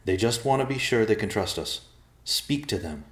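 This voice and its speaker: A man's voice: fairly low pitch, animated, normal speed, a bit bright, voice pushed up. A man voicing an earnest young man who speaks reassuringly. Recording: roomy echo.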